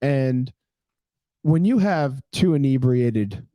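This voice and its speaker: A man in his thirties tells a story on a casual podcast, jumping into the voices of the people in it and swearing freely. His voice is mellow and relaxed. The sound is dry and close. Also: medium pitch, a little fast, no echo. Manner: animated storyteller, acts out quotes, swears casually. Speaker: podcast co-host.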